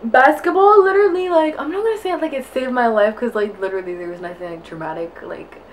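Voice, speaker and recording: Getting ready indoors at home, this young woman talks fast in a voice on the high side, with slight background noise behind her. Her casual vlog chatter is breathless and meandering, packed with constant fillers.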